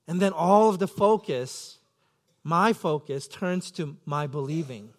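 A man's voice: on the high side, animated, unhurried. A man preaching a sermon as pastor, earnest and self-questioning, acting out his own pleading thoughts.

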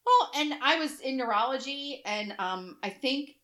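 A woman's voice: high-pitched, lively intonation, a little slow, bright, forceful tone. A woman co-hosting a casual podcast chat, chatty and gushing, with frequent laughter and repeated words. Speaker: podcast co-host.

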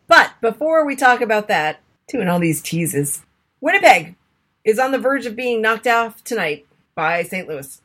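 A woman's voice: a little high, sing-song, measured pace, fairly bright tone. A woman co-hosting a casual sports podcast, chatty and self-deprecating, fussy about how names are pronounced. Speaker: podcast co-host.

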